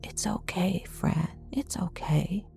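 A woman voicing a frightened elderly mother who speaks in a breathy, quavering half-whisper. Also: medium pitch, drawn-out words, soft background music, voice pushed up. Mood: tender.

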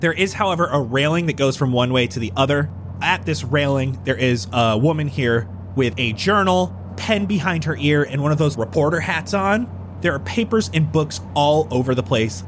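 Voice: medium pitch, normal speed, a little hiss or hum. A game master narrating a tabletop game in a descriptive way.

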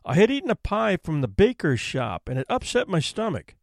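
A shaky carpenter stumbles over his excuses in a lively, uneven voice, acted by a male storyteller. The recording is close and dry. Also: high-pitched, brisk, creaky, dry recording, exaggerated voice. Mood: nervous. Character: trembling, faltering male carpenter.

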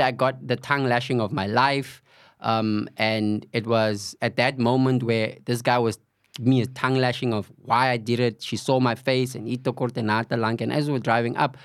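A man's voice: mid-range voice, dry recording, clean studio sound. A middle-aged man, a podcast guest candidly telling a story and acting out what people said. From South Africa, Cape Flats. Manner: recounts events with acted-out quoted dialogue and frequent "you know".

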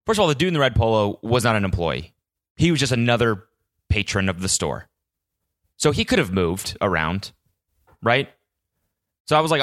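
A man's voice: lowish voice, very animated, moderate pace, long pauses, a bit bright, no echo, clean studio sound. A man hosting a solo podcast, telling a story as an exasperated rant full of swearing. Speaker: podcast host.

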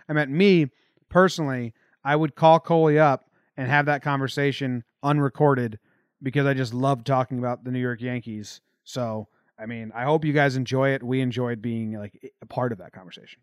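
A man co-hosting a podcast in casual chat, upbeat and quick to laugh. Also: mid-range voice, clean tone, no room sound, clean studio sound. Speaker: podcast co-host.

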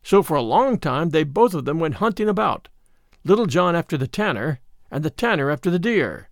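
A man narrating an old-fashioned storybook in an expressive, unhurried way. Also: a little high, no room sound, clean studio sound.

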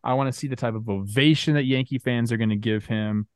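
A man co-hosting a baseball talk show, chatting in a relaxed, rambling way with plenty of filler words. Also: mid-range voice, fast, clean tone, no room sound. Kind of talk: casual sports talk.

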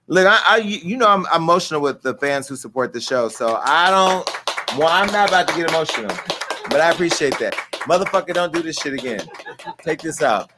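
A man's voice: on the high side, animated, brisk, sharp tone. Brash, foul-mouthed man hosting a live show. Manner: brash, profane, rambling banter. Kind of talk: casual live-stream talk.

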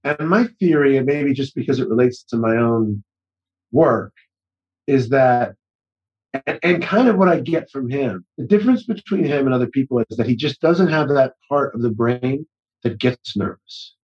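A man's voice: medium pitch, normal speed, breathy edge, dull audio. A man in his forties, an actor-director guest, telling stories in casual conversation with many restarts and acted-out quotes.

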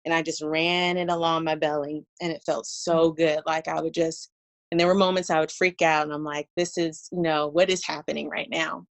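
Animated woman telling a personal story. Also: low-pitched, normal speed. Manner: animated, laughing, acts out her own past lines. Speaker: guest telling her birth story. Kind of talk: casual conversational storytelling.

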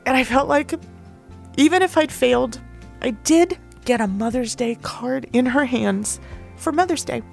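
A woman hosts her own podcast and tells a personal story in a loose, rambling monologue. Her voice sits a little high and carries a gravelly, fry-edged texture. She speaks candidly and emotionally, with the odd casual curse. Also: measured pace, a little mellow, faint music behind. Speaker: podcast host.

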